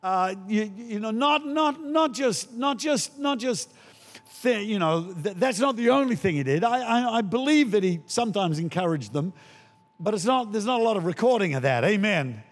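Older male guest preacher, high lively voice, dramatic, reverberant sanctuary. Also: normal speed. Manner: animated, acts out voices, shouts for emphasis. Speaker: pastor. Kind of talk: sermon.

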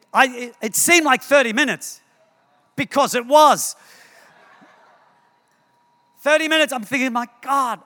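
A man preaching a sermon in a church, telling stories in an animated way and repeating words as he acts scenes out. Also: very high-pitched. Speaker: pastor. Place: church hall. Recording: long hall reverb.

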